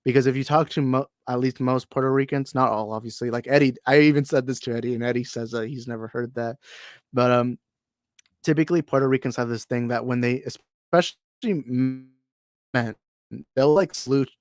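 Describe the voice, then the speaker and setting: A young American man hosts a casual movie livestream, reading chat comments and riffing on them. He rambles, jokes, loses his place and laughs often, his voice sitting at an ordinary middle pitch. The sound is dry and close, from a desk mic at his computer. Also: steady tone, a little fast, a little mellow, dry recording. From United States.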